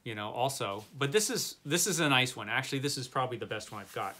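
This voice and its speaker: A man's voice: medium pitch, expressive, fast talker, hardly any pauses, pushed and bright, a little hiss or hum. A man hosting a casual book tour video, chatting in a rambling, self-deprecating way. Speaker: book channel host.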